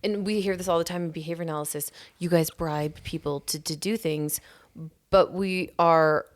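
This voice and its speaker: A woman co-hosting a casual discussion podcast, talking fast and animatedly with frequent restarts. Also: sits low. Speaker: podcast co-host.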